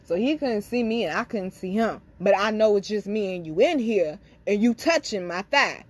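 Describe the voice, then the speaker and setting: In an expressive mid-range voice at normal speed, a young spiritual reader and channel host recounts something personal on camera. Her delivery is candid and full of swearing, and she talks right to her viewers, whom she calls "y'all."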